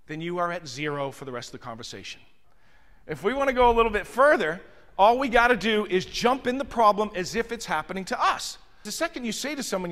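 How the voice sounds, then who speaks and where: A man's voice: sits high, sing-song, quick pace, fairly bright tone, big-room sound. A man giving a motivational seminar on communication, telling stories expressively and addressing the audience directly. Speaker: hospitality communication trainer. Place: large function room with audience.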